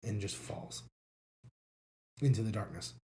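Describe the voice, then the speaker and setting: A man narrating a tabletop game as game master, loose and halting with frequent fillers. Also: lowish voice, warm tone, slight background noise.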